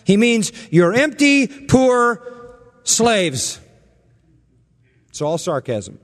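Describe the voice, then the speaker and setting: A man's voice: fairly high pitch, lively intonation, slow pace, pauses often, in a large hall. A man preaching an expository sermon, emphatic and sarcastic, building in intensity as he drives his points home. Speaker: pastor.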